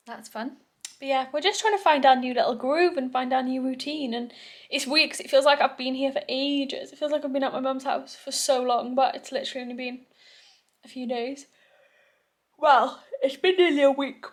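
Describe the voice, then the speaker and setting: A young woman from England chatting casually in her vlog, rambling and talking to her dogs now and then. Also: high voice. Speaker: vlogger.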